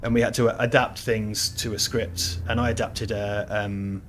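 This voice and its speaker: A man's voice: fairly low pitch, little pitch movement, unhurried, a bit bright. A man in his thirties chats loosely while playing a game, drifting from topic to topic. He swears freely and laughs often. A faint hiss sits behind his voice. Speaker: let's play host. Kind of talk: casual gameplay chat.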